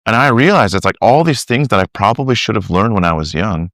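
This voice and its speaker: A middle-aged man with a low voice tells stories animatedly on a podcast. He acts out little quotes and restarts his sentences often. The sound is dry and close. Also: lively intonation, quick pace, a bit bright, no echo. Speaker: discipleship teacher, guest. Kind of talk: conversational podcast interview.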